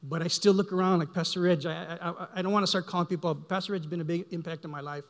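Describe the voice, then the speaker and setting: A middle-aged man giving a heartfelt, halting church testimony, often repeating words as he speaks. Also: high voice, steady tone. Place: church sanctuary. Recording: long hall reverb.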